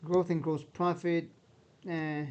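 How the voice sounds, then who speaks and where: A man's voice: on the high side, flat delivery, slow pace, darkish tone, smooth. A man giving casual, skeptical commentary, repeating himself as he talks and straining his voice. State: voice strained, near losing it. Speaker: stock market YouTuber.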